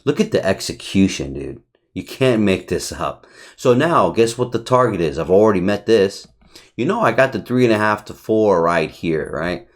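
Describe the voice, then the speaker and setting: A man's voice: fairly low pitch, animated, moderate pace. A man reviewing his day trades on a chart, talking brashly, swearing and firing off rhetorical questions. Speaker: trading educator. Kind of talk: screen-recorded trade review.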